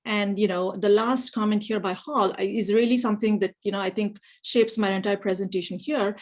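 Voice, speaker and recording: Woman lecturer, husky voice, measured academic talk with fillers. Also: medium pitch, steady tone, poor audio. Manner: thoughtful, with frequent "you know" fillers. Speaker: speaker giving an academic lecture.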